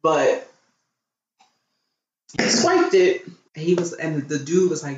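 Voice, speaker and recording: A woman's voice: low-pitched, slow pace, long pauses. A woman telling a story on a podcast in casual, profane chat, often acting out what people said. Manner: profane, animated, acts out quoted dialogue. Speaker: podcast co-host. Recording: roomy, slightly dull sound.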